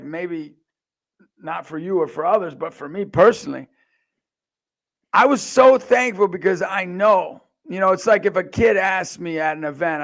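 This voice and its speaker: An American man in his forties giving an impassioned faith testimony, swinging from quiet asides to loud acted-out quotes. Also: on the high side, vocal fry. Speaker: speaker. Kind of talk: personal testimony talk.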